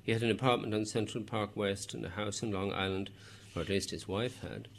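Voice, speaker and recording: A man narrating a novel in measured, scripted storytelling with occasional wry asides. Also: fairly low pitch, steady tone, gravelly, a little hiss or hum. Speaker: audiobook narrator.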